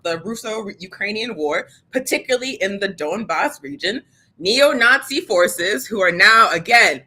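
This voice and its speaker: A fairly high, bright, forceful female voice belongs to a political news co-host delivering impassioned commentary. She speaks casually and passionately, fiery and sarcastic, with lots of fillers and a constant "like."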